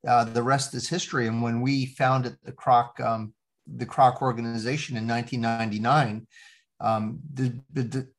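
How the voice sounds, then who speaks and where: A man's voice: mid-range voice, flat delivery, normal speed. A man in his fifties hosting a podcast, talking casually with plenty of ums and uhs. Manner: warm conversational, frequent um and uh fillers. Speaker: podcast host.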